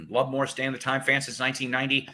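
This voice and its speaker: A man hosting a casual radio show, excitable and profane, laughing often and slipping into impressions. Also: medium pitch, fast. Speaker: radio host and record collector. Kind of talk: casual chat. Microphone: studio mics.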